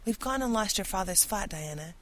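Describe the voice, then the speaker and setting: A woman's voice: mid-range voice, animated, brisk, a bit bright, poor audio. A woman voicing an imaginative, talkative young girl who speaks earnestly and dramatically in an audiobook.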